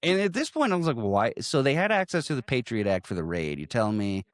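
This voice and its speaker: A man's voice: mid-range voice, sing-song, fast, no echo. A man hosting a podcast, recapping a movie in loose, profane chat and laughing often. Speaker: podcast host.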